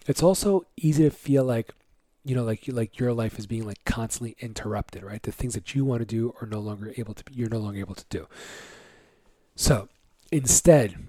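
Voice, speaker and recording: Candid, mellow-voiced man giving advice. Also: medium pitch, no room sound. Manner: candid and conversational, lots of fillers. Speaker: host giving advice to fathers. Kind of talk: casual motivational talk.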